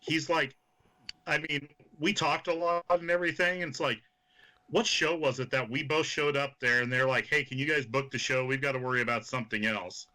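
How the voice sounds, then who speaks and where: A man's voice: medium pitch, a little fast. A man from Kansas, a wrestler guest, telling profane stories full of quoted voices in casual chat. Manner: animated, swearing anecdotes full of quoted voices.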